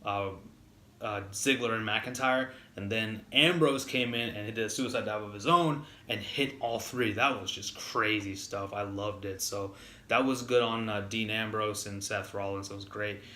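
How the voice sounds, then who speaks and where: A man's voice: fairly low pitch, steady tone, moderate pace, bright, forceful tone, reverberant. A man giving a casual spoken wrestling review, rambling with lots of fillers and restarts, getting heated when annoyed.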